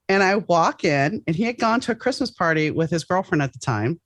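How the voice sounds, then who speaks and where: A woman hosting a podcast, chatting casually in a rambling, animated way with many restarts. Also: fairly low pitch, a little fast, hardly any pauses, dry recording. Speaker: podcast host. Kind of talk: casual interview chat.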